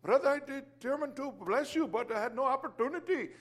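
A man's voice: extremely high pitch, brisk, a bit bright, pitched above the performer's own voice. A man voicing an earnest Indian man offering a gift, in a put-on Indian English accent.

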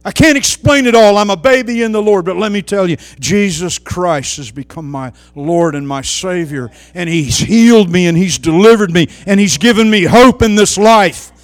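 A man preaching a sermon with passion, swinging between loud, fervent outbursts and quiet, hushed asides. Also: high-pitched, normal speed, hardly any pauses, no room sound.

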